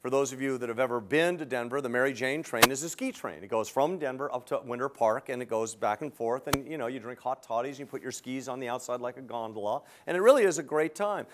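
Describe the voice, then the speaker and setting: A man's voice: medium pitch, fast, few pauses, a little hiss or hum. An older man teaching hotel sales, telling a story and acting out both sides of his phone calls.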